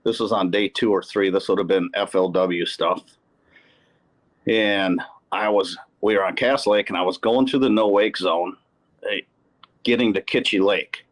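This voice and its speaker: A man from Wisconsin, a podcast guest telling casual fishing stories in an animated way. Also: deep voice, moderate pace. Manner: animated anecdote teller who acts out quotes. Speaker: podcast guest, pro angler. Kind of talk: casual storytelling.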